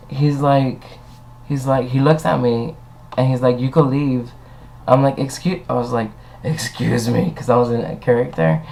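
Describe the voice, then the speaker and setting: A young man vlogging a casual storytime rant, animated and sassy, swearing freely and acting out both sides of an argument in voiced quotes. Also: medium pitch, creaky.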